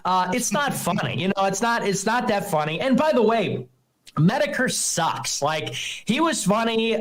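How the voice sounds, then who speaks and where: Scornful young man ranting on stream. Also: fairly high pitch. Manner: scornful, mocking, profane. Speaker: streamer host. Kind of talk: heated live-stream rant.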